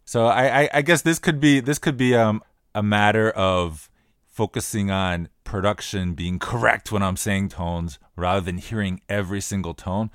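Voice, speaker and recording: A man co-hosting a podcast, explaining in a relaxed, casual way and often repeating himself as he works through a point. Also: on the low side, normal speed, clear, resonant tone, dry recording, clean studio sound. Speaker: podcast co-host.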